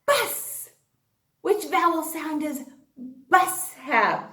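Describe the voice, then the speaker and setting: A woman teaching a phonics lesson to young children, slow and sing-song, with excited gasps. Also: high voice, reverberant.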